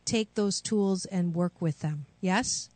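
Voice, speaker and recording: A woman hosting a radio call-in show, coaching callers with slow, soothing affirmations. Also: on the low side, darkish tone, no room sound. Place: radio studio.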